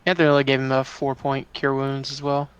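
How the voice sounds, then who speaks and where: A man's voice: medium pitch, completely flat delivery, normal speed, clean tone. A man as a player in a tabletop game, thinking his moves through aloud and groaning at bad luck. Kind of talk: casual tabletop game chat.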